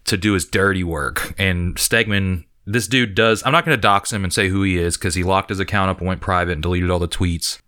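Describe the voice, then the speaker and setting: A man's voice: deep voice, steady tone, brisk, few pauses, pushed and bright, smooth, dry recording, clean studio sound. A man hosting a podcast in casual chat, joking around, laughing easily and swearing. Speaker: podcast host.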